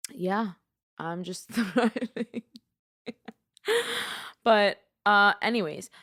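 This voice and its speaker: Rambling young New York woman. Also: medium pitch. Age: young adult. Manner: rambling, lots of "like", animated and opinionated. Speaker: podcast host. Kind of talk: casual solo podcast chat.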